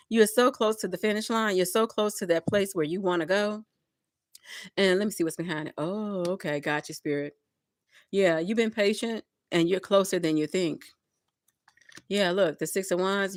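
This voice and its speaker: A woman reads tarot cards for her viewers as a spiritual pep talk. She speaks at an ordinary pitch and repeats her phrases for encouragement, and the sound is dry and close with no room around her. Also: dry recording. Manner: repetitive, encouraging, addresses viewers as y'all. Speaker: tarot reader.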